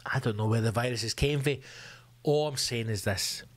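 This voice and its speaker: A man's voice: medium pitch, normal speed, no room sound. Sweary sarcastic man. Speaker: podcast host. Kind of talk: comic rant. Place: home room.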